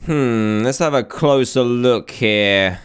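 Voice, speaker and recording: A man hosting a video game let's play, excitable and chatty, exclaiming often. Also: mid-range voice, takes it slowly, clean tone. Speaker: gaming video host.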